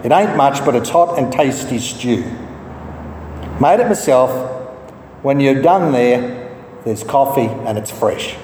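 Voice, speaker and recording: A preacher voicing a gruff, kindly old gas station owner. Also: male voice, medium pitch, lively intonation, slow pace, long pauses, darkish tone. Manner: plain, folksy country talk. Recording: echoey hall from far off, faint noise.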